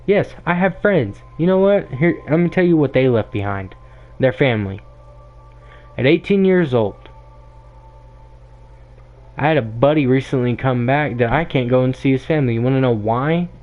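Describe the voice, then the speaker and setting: A man's voice: mid-range voice, lively intonation, normal speed, long pauses. A young man hosting a podcast, delivering a blunt, emphatic opinion monologue that often circles back and repeats itself. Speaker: podcast host. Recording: tinny phone-like sound.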